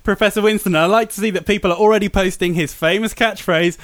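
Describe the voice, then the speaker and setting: A man's voice: sits high, steady tone, fast talker, fairly bright tone. Playful man hosting a comic podcast. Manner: jokey, laughing, playful. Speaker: podcast host.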